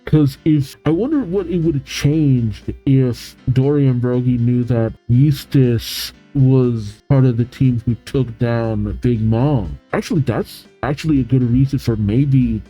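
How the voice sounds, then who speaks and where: Excitable man reacting with a dark voice. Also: medium pitch, unhurried, hardly any pauses, faint music behind, low-quality recording. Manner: excitable, laughs often, emotional. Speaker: manga reaction host. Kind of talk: reading and reacting to a manga.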